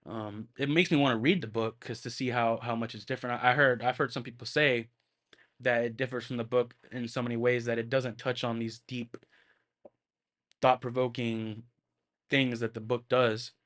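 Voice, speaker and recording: A man's voice: medium pitch, steady tone, moderate pace, fairly bright tone. A man talks through a film review on his own podcast in a loose, casual way. He rambles, circles back with plenty of filler words, and swears freely as he goes. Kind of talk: casual solo movie review.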